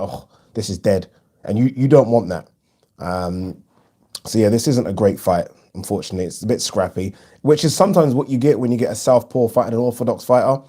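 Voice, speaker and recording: A man with a lowish, warm voice hosts a live boxing watch-along. Chatty and frank, he reads viewers' comments, swears freely, and peppers his talk with ums.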